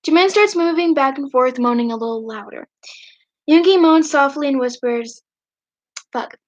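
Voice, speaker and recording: A woman hosting a livestream, casually reading fanfiction aloud. She breaks in with giggly, chatty asides and clears her throat now and then. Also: sits high, lively intonation, normal speed. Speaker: livestream host. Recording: dull lo-fi stream audio.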